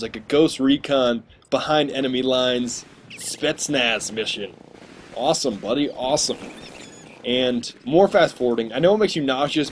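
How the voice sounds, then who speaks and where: A man's voice: medium pitch, a little hiss or hum. Give me a sarcastic man rambling through gameplay commentary in a medium voice. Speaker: gaming commentator.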